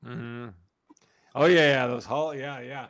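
A man's voice: medium pitch, slow, gravelly. A man in his thirties telling funny stories about his toddler in a casual chat. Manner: animated storyteller, mimics a toddler's voice in quotes.

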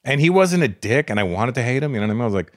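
A man in his fifties, a comedian host, chatting casually, animated and swearing as he tells stories. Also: mid-range voice, rapid-fire, no room sound, studio quality. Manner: animated, swearing, laughs while telling stories. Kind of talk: casual chat.

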